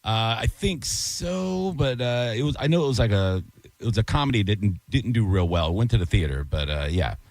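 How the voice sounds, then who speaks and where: A man's voice: lowish voice, expressive, normal speed, darkish tone, no room sound. A man working as a radio producer, chiming in with hesitant, filler-filled remarks. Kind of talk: casual radio talk.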